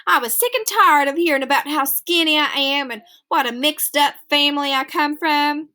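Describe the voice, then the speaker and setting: A woman's voice: high-pitched, normal speed, pushed and bright. A woman reading a novel aloud, narrating steadily in a child's first-person voice. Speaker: reader.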